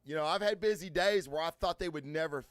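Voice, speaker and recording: A man's voice: on the high side, fast talker, clear, resonant tone, dry recording. A man hosting a casual podcast, telling stories loosely with many fillers and plenty of swearing. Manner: loud, swearing, storytelling with lots of fillers. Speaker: podcast host. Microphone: studio microphone.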